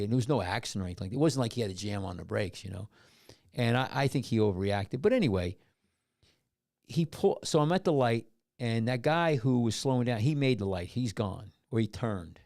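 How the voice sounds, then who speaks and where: A man's voice: lowish voice, creaky, darkish tone. A middle-aged man hosting a podcast, telling a long story in casual chat with many restarts and asides. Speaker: podcast host.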